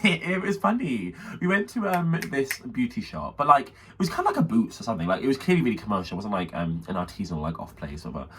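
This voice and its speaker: Man, podcast co-host, casual story, bouncy expressive pitch, swears, does little impressions, distant mic. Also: quick pace, few pauses. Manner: animated, swears freely, mimics people in his stories. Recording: distant mic with faint background noise.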